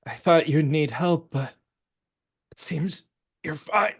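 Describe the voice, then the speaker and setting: A man's voice: a little high, slow, husky, pitched above the performer's own voice, exaggerated voice. A man voicing a very tall woman researcher who is out of breath, stammering and apologetic. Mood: breathless apologetic.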